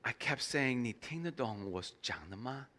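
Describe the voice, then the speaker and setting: A male pastor preaching in a church, his delivery lively and swinging widely in pitch. His tone is bright and forceful as he acts out a story and pauses for his interpreter. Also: a little hiss or hum. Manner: animated storytelling, acting out dialogue. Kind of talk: sermon with live interpretation.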